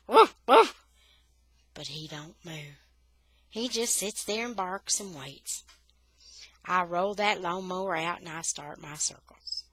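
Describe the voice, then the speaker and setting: A woman reading a children's novel aloud for English learners, with steady, expressive storytelling. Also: mid-range voice, no echo.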